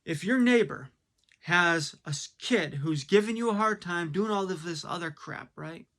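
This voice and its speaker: Blunt man ranting with bright tone. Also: high-pitched, moderate pace. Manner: blunt, conversational, frequent fillers and rhetorical questions. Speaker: commentator. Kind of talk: casual opinion monologue.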